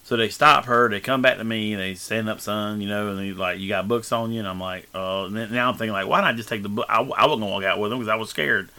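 Gravelly, bright-toned man telling a story. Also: fairly low pitch, fast talker, few pauses. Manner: rambling, full of fillers and restarts. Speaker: guest telling his life story. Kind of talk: casual storytelling.

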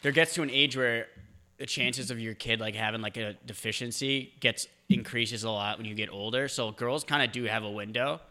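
A man's voice: mid-range voice, steady tone, moderate pace, bright, forceful tone. A man co-hosting a podcast, rambling through casual opinionated chat with many fillers. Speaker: podcast co-host.

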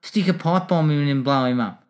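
Male podcast co-host, dry wry critic, somewhat higher voice. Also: a little fast. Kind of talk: casual film review chat.

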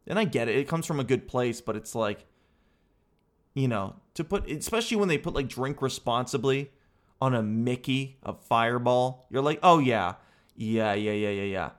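A man hosting a talk show, delivering a comedic rant that is animated, exasperated and full of casual swearing. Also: medium pitch, normal speed. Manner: animated, exasperated, peppered with "dude".

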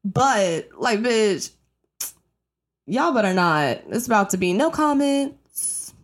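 A young woman hosting her own podcast, ranting casually and bluntly with lots of swearing, jumping into high mock-outraged bursts. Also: slow. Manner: blunt, profane, animated, breaks into high-pitched mock outrage. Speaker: podcast host. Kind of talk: casual solo rant.

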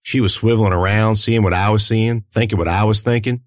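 A man narrating a first-person audiobook in an expressive, lively storytelling manner. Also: fairly low pitch, brisk, dry recording, studio quality.

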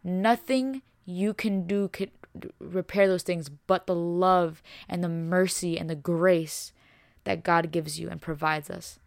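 A woman's voice: fairly low pitch, steady tone, slow pace, gravelly, no room sound, studio quality. A young woman hosting a faith podcast, preaching with passion and emphasis, repeating herself and dropping casual words like y'all and bro. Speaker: podcast host.

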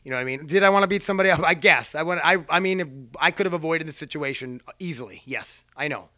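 A man's voice: fairly high pitch, quick pace, sharp tone, no echo, clean studio sound. A man casually telling a rambling personal story, swearing freely and poking fun at himself. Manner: profane, rambling, self-mocking.

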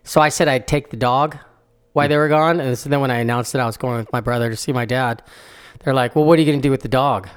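A man's voice: medium pitch, fast talker, clean tone. A man co-hosting a podcast, telling stories in a laid-back, chatty way. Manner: laid-back storytelling, laughs often. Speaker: podcast co-host. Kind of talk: casual chat.

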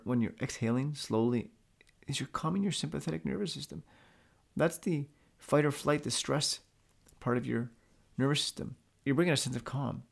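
A man's voice: high voice, creaky. A man hosting a podcast, giving blunt, profane, direct coaching advice in a monologue.

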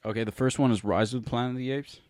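A man's voice: medium pitch, steady tone, very fast, a little mellow, no room sound, clean studio sound. A young man co-hosting a casual movie podcast, rambling and often correcting himself when he loses a name. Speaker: podcast co-host.

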